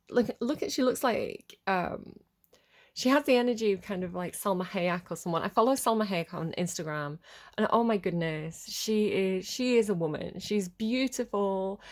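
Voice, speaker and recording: A woman giving a casual collective tarot reading to camera, chatty and rambling with lots of filler words. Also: medium pitch. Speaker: tarot reader.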